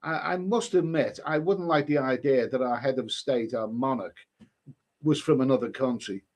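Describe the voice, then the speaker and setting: A middle-aged man hosting a livestream, chatting casually and reading out viewer comments, rambling and halting with many restarts and repeated words. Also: mid-range voice.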